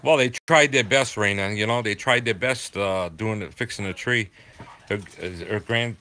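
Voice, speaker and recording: Older south coast massachusetts guy chatting on a stream, low bright voice, rambles with lots of uhs. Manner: rambling, halting, full of fillers. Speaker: livestream host. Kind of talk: casual chat reading viewer comments.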